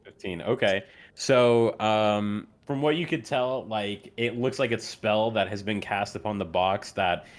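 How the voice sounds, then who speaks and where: A man's voice: lowish voice, a little slow. A young man running a tabletop game as dungeon master, narrating loosely with many fillers and the odd swear word.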